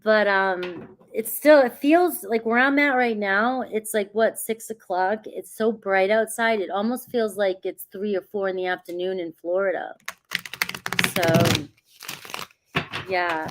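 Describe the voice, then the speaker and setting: A woman's voice: mid-range voice, a little slow. Chatty woman reading tarot live. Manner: chatty, greets viewers by name, laughs often; reassuring, grounding spiritual guidance. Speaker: tarot reader. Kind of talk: casual livestream chat.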